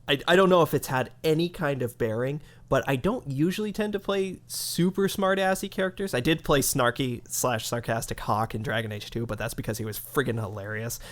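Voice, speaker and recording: A man co-hosting a gaming podcast in casual chat, relaxed, with chuckles and loose asides. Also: medium pitch, normal speed. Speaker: podcast co-host.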